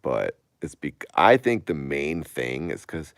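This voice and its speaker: Man, late thirties, very deep voice, gravelly, casual stream chat, rambling, emphatic. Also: big pitch swings, takes it slowly, few pauses, dry recording, clean studio sound. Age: 30s. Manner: rambling, turns emphatic and incredulous.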